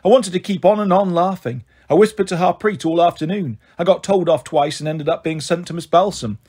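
Male audiobook reader, steady, breathy tone. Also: high voice, a little fast. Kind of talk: storybook narration.

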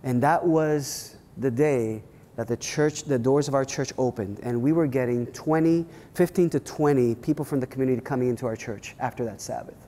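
A man, a pastor, giving a workshop talk, telling personal stories in an animated way with many restarts and repeated words. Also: mid-range voice, moderate pace, long reverb tail, a little hiss or hum. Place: church hall at a leadership weekend.

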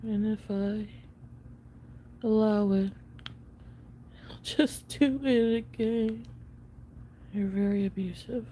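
A woman venting to camera in a rambling, profane confessional rant. She says she is high on an edible, and her speech is full of fillers and restarts. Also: fairly even intonation, slow, pauses often, mellow, a little hiss or hum. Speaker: online video creator.

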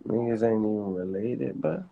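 A man's voice: on the low side, lively intonation, moderate pace, vocal fry. Profane joking man on a muffled stream. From Washington DC area. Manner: joking, profane, laughs often. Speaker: livestreamer. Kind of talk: casual livestream rant.

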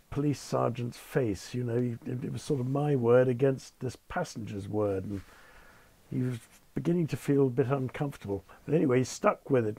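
Older man, husky, dry-voiced storyteller. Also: mid-range voice, darkish tone, no room sound. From United Kingdom. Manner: wry, understated storyteller, polite British phrasing. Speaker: retired Concorde captain, guest. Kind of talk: anecdotal interview storytelling.

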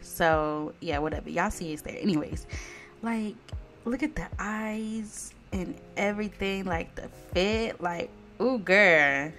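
A woman in mid pitch giving running commentary on a life simulation game. She is sassy and chatty, swears freely, and keeps talking straight to her viewers, with faint music playing underneath. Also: slow, fairly bright tone. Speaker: gameplay commentator. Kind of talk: casual let's play commentary.

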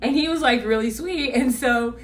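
A woman's voice: fairly high pitch, normal speed, recorded from a distance. A middle-aged woman coach telling a personal story in a blunt, emphatic way, repeating her points for force. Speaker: business coach. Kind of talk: motivational storytelling.

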